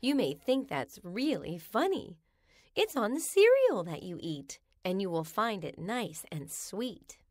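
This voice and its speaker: A woman reading children's rhymes aloud in a slow, sing-song storybook manner. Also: medium pitch, very animated, no echo, clean studio sound.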